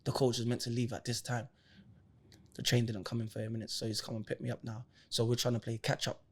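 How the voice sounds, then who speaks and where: A man's voice: mid-range voice, quick pace. A man from East London with an East London accent, a guest on a podcast telling his stories with heavy slang and acting out the people in them. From East London, England. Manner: animated storyteller, heavy London slang, acts out quoted voices. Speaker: interview guest, former footballer and rapper. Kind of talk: casual podcast storytelling.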